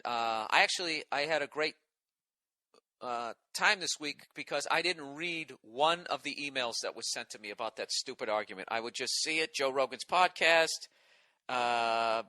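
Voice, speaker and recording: A man's voice: medium pitch, bright, forceful tone, dry recording. A man hosting a podcast, delivering an indignant, sarcastic monologue full of swearing. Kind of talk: profane ranting monologue.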